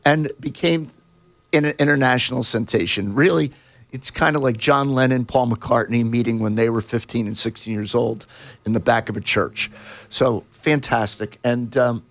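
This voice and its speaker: A man's voice: medium pitch, normal speed, gravelly, fairly bright tone, no echo. A man who is a guest on a radio show, chatting casually and eagerly sharing music trivia. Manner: enthusiastic trivia-sharer. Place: radio studio.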